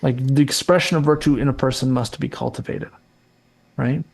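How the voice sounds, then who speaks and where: A man speaking as a returning guest in a long conversation, in a middle-pitched voice. He argues his point steadily, doubling words as he builds each claim. His voice is starting to give out. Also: moderate pace, creaky, darkish tone. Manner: argumentative, repeats words while building a point. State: losing his voice. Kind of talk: casual conversational interview.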